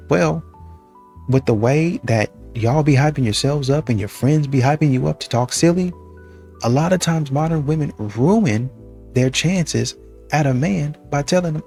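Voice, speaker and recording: A man's voice: on the high side, normal speed, gravelly, a little mellow, faint music behind. A man giving casual reaction commentary on dating, with loose conversational restarts. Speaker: reaction channel host.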